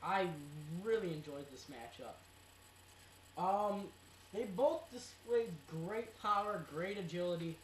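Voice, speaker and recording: Giggly co-host with a lively voice. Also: medium pitch, recorded from a distance. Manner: playful and giggly, quick to tease. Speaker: co-host of a wrestling recap show. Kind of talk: casual recap chat. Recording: roomy amateur recording with faint noise.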